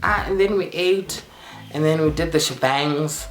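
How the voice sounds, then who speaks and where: A man vlogging a casual storytime, animated and dramatic as he acts out the dialogue. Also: fairly high pitch, unhurried. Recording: roomy echo, faint music.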